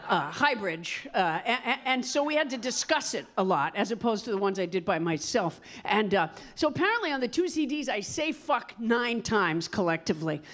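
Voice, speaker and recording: A middle-aged woman doing stand-up, chatting with the crowd in a wry, halting way that keeps interrupting itself. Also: mid-range voice. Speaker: stand-up comedian hosting. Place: comedy club stage. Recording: live club with audience. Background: crowd laughter.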